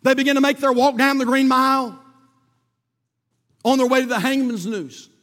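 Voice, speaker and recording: A male pastor preaching a sermon with passion, swelling and then dropping to quiet emphasis, in a church sanctuary. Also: very high-pitched, fairly even intonation, moderate pace. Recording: long reverb of a church hall.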